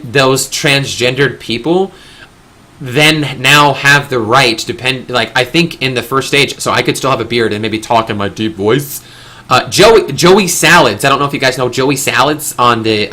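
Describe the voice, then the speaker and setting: A young man with a mid-range, sharp-toned voice hosts a casual discussion. He speaks earnestly in long, rambling stretches and restarts often.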